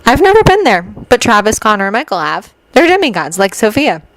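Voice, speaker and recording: Woman doing a level-headed young aunt, calm, measured. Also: on the high side, pitched above the performer's own voice, poor audio.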